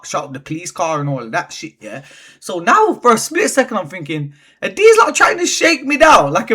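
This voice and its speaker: A man telling a story in a casual vlog, animated and slangy, swearing freely. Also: sits high, husky. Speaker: vlogger.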